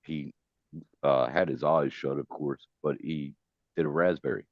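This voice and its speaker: A man with a very deep voice tells a personal story in loose, casual talk, swearing freely. The recording is dry and close, with a somewhat dull, muffled tone. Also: measured pace, dry recording. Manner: loose, swears, lively when quoting. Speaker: host. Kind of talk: casual chat.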